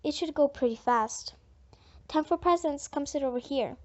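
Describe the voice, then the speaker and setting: A woman voicing a busy young mother who gives quick, friendly directions. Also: high voice, lightly acted. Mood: brisk. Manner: brisk and directing. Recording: dull lo-fi audiobook recording.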